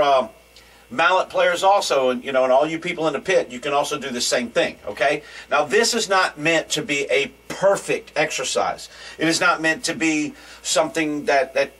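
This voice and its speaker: A man's voice: a little high, fairly bright tone, breathy edge. A man teaching a drum lesson in a loose, rambling, joking way. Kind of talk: casual video lesson. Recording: distant mic with faint noise.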